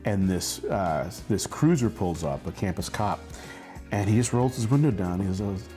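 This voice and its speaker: A man's voice: on the low side, normal speed, faint music behind. A man in his forties telling a funny college story in casual talk, laughing often and acting out the voices of the people in it. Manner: animated, laughs often, acts out quoted voices. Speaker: storyteller host.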